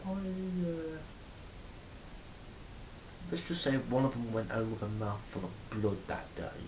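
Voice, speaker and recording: A man's voice: medium pitch, animated, takes it slowly, noisy background. A man telling stories in a rambling, casual monologue to a phone camera, swearing freely. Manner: rambling, swears freely, acts out quoted exchanges loudly. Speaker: vlogger.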